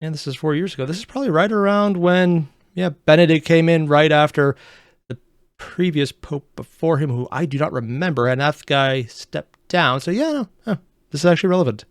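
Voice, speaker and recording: A young man hosting a reaction video, chatting casually and rambling with unsure asides in quick bursts. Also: a little high, smooth, no echo, clean studio sound.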